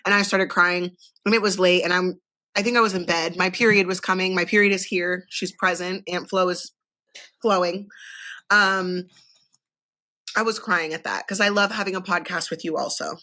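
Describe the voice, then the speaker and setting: A woman's voice: fairly low pitch, steady tone, normal speed, bright, forceful tone. A woman co-hosting a podcast in casual chat, candid and chatty, swearing freely. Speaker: podcast co-host.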